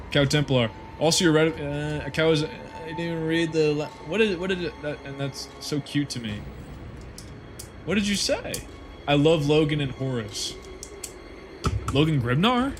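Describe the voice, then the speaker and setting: Excitable young man streaming casually. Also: a little high, background noise. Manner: excitable, swearing, rambling. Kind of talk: casual live-stream chat.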